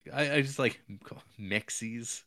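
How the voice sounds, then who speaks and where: A man co-hosting a podcast who talks about a film in a halting way, restarting often and adding wry jokes. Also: medium pitch, bright, forceful tone, no room sound, studio quality. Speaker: podcast co-host. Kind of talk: casual film discussion.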